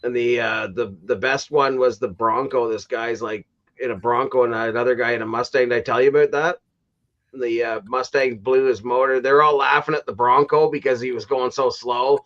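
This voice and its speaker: A man's voice: mid-range voice, fairly even intonation, normal speed, a bit bright. Canadian guy rambling on a stream, lots of uh and like, bit muffled. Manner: rambling storyteller, many fillers and restarts, laughs at own stories. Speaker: livestream host. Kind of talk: casual chat.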